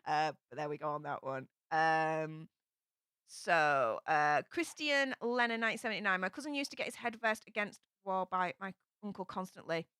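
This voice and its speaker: A woman's voice: lowish voice, moderate pace, a bit bright, clean tone, no echo, clean studio sound. A young woman with a Yorkshire accent hosting a casual live stream, chatting and reading viewer comments aloud with plenty of ums. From England.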